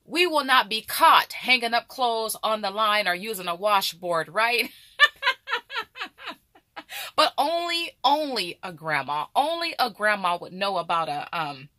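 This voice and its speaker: A woman's voice: a little high, sharp tone, no room sound, clean studio sound. A middle-aged woman vlogger chatting animatedly and directly to her viewers. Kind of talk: casual chat to camera.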